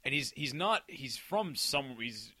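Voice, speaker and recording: A man telling a long anecdote in casual chat, animated and acting out the people he quotes. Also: mid-range voice, unhurried, no room sound.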